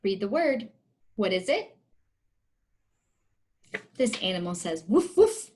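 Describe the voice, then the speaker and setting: A woman's voice: mid-range voice, lively intonation, takes it slowly. A woman teacher demonstrating a picture-card lesson for young students, talking in a sing-song way and making animal sounds.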